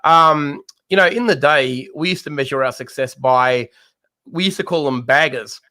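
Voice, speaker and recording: Speaking directly to viewers of a live trading show, this co-host and trading mentor walks through his trading ideas in a market analysis chat. His voice is a little high with a sharp tone, delivered at normal speed.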